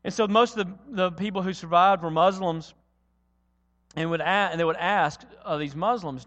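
A man's voice: on the high side, moderate pace, a bit bright, big-room sound, muffled recording. A man preaching a sermon in a church, earnest and storytelling, building points through repetition.

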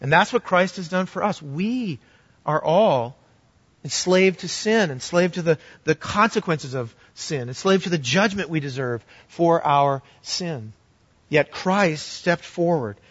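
A man preaching a sermon as pastor, telling a story earnestly and swinging from loud to hushed. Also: fairly high pitch, expressive, unhurried, breathy edge, dry recording, dull audio.

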